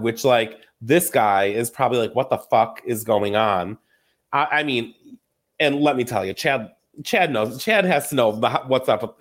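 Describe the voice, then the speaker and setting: A man hosting a casual podcast, recapping reality TV gossip in an animated, laughing way with free swearing. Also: mid-range voice. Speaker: podcast host.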